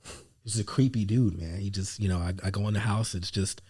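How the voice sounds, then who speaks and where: Male guest, casual and rambling, low mellow voice. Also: fast talker, breathy edge. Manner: relaxed, rambling, many fillers. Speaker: guest, paternity testing business owner. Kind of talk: casual interview talk.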